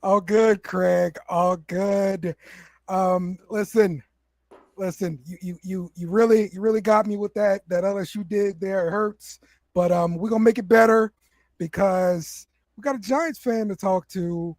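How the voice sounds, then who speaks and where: A man's voice: high-pitched, steady tone, unhurried, darkish tone, no echo. A man hosting a casual sports podcast in an easygoing way, stumbling and repeating words and calling people bro. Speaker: host.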